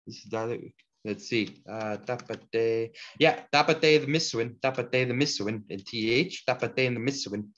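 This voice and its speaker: A man teaching a language class, patiently explaining word forms and repeating each example slowly for the learners. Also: medium pitch, fairly bright tone. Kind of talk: online language lesson. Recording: dull lo-fi audio.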